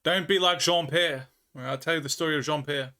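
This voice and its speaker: A man with an Australian accent talks casually to his stream audience, his voice bright and a little high. He rambles from one story to the next and laughs as he goes. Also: fast talker. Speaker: livestreamer. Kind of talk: casual chat with viewers.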